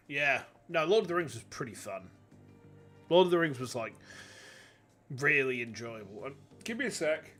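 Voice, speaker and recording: Yorkshire streamer, rambling casual chat, lively pitch, faint music behind. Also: male voice. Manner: chatty and rambling. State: tired, with a cold.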